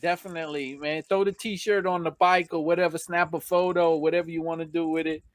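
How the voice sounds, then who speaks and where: New York male stream host, chatty, reads comments aloud, a bit high-pitched. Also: little pitch movement, brisk, no room sound. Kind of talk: casual live stream chat.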